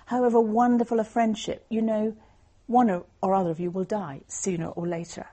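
Warm, husky-voiced woman giving a Bible talk. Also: medium pitch, level tone. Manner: earnest, measured, explanatory. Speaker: lay speaker giving a Christian talk. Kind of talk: evangelistic talk with Bible reading.

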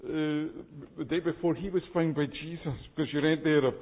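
Male preacher, earnest and emphatic, higher voice, thin lo-fi sound with long reverb. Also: fairly even intonation, a little fast. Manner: earnest, emphatic expository preaching with frequent restarts. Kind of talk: sermon. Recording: tinny phone-like recording with long reverb.

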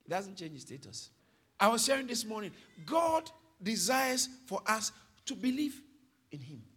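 A man preaching a sermon to a congregation, swinging from soft explanation to loud calls for the crowd to read aloud. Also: high-pitched, very animated, moderate pace, slightly rough. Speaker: pastor. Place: church hall with congregation.

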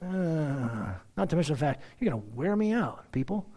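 A man preaching a sermon as pastor, conversational and animated, talking straight to his congregation. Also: fairly high pitch, normal speed. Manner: animated, acts out everyday dialogue in different voices; conversational, addresses the congregation directly.

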